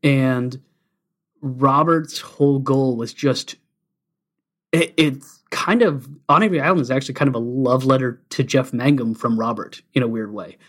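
A man tells stories on a casual podcast at an easy pace, pausing often on uhs and ums as he remembers details. His pitch is an ordinary middle male level. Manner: relaxed storytelling, halting with many uhs and ums. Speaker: podcast co-host. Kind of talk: casual music podcast chat.

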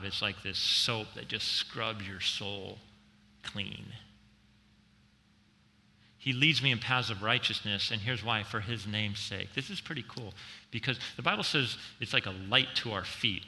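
A middle-aged man preaching a sermon as a pastor, swinging between loud emphatic lines and soft, slow reflective passages. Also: fairly low pitch, creaky. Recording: long reverb in a large hall.

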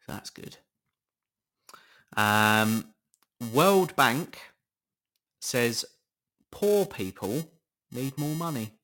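A man's voice: mid-range voice, very animated, very slow, pauses often, bright, forceful tone. A middle-aged man hosting a podcast, chatting casually in a sarcastic, incredulous tone and swearing often. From Britain. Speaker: podcast host. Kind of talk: casual solo podcast chat.

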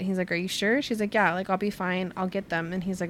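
A woman's voice: lowish voice, steady tone, fast, a bit bright, slight background noise. Chatty young woman retelling a book. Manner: chatty, laughing, heavy use of "like", acts out characters' lines loosely. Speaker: podcast host retelling a book. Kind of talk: casual book recap chat.

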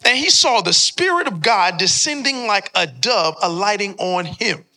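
A man's voice: high voice, animated, moderate pace, bright, forceful tone, soft background music. A young man preaching a sermon as a pastor in a church, joking and trading call-and-response with the congregation. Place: church sanctuary before a congregation.

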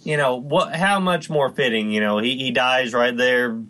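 A man's voice: medium pitch, moderate pace, sharp tone. A man in casual chat about a TV show, hesitant and often repeating words.

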